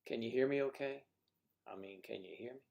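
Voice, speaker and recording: A man's voice: mid-range voice, fairly quick, vocal fry, darkish tone, dull audio. A man hosting a casual livestream chat with guests, rambling and teasing with jokes, talking into a computer mic. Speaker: livestream host.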